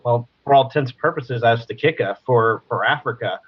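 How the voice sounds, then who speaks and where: A man who is a guest on a podcast, explaining his work quickly in jargon in a casual interview. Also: mid-range voice, slightly rough, no room sound, muffled recording.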